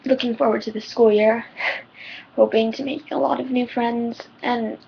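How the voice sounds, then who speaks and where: A woman's voice: a little high, level tone, unhurried, vocal fry, highs cut off, a little hiss or hum. A teenage girl giving personal advice in a rambling, heartfelt vlog, her voice shaking near tears. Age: teens. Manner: rambling, heartfelt, many ums. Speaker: vlogger.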